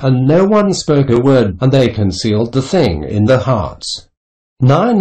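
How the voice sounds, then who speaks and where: A man reading an old scriptural text aloud as an audiobook, calling out each verse number in a steady, measured way. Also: mid-range voice. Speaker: audiobook reader.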